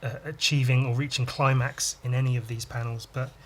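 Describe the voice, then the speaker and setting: A man's voice: mid-range voice, fairly even intonation, a little fast, slight background noise. Crude, rambling male podcaster. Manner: crude, rambling, self-mocking jokes. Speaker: podcast host and illustrator. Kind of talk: casual drawing-podcast monologue.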